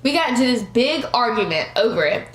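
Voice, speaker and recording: Animated young woman telling a storytime. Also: on the high side, a little fast. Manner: animated, addresses viewers as y'all. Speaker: vlogger. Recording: echoey room.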